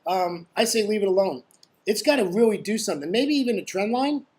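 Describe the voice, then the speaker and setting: A man's voice: high voice, animated, a little fast, a little mellow. A man giving casual trading commentary over his screen, chatty and blunt, joking and constantly asking "right?". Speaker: forex trading educator.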